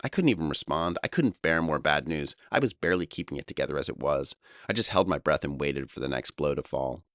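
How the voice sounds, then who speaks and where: A man in his fifties from Long Island, New York, narrates his own memoir in a wry, reflective voice. His voice is exceptionally deep, and the recording is close and completely dry. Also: expressive, quick pace, a bit bright, dry recording. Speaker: author and narrator.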